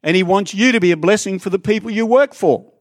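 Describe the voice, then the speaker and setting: A man's voice: high-pitched, quick pace, dry recording, studio quality. A man preaching a sermon to a church congregation, talking conversationally with asides to people in the room. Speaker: pastor.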